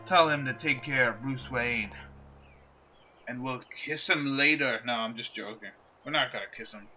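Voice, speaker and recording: A man's voice: mid-range voice, moderate pace, pushed and bright, dull audio, faint music behind. A man hosting a gameplay video in casual commentary, rambling and drifting off topic. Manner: rambling, digressive, chatty. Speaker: let's play host.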